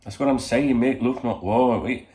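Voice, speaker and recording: In a reverberant room at his home in Spain, a channel host with a mellow, medium-pitched voice talks at a normal speed. His casual chat to camera rambles, with free swearing and lots of "you know".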